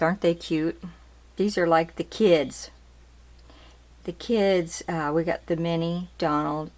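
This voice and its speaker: A woman hosting her craft channel, chatting casually as she shows ribbons one by one and keeps asking if they're cute. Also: fairly low pitch. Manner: chatty, repeats details, asks "aren't they cute?". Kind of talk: casual product show-and-tell.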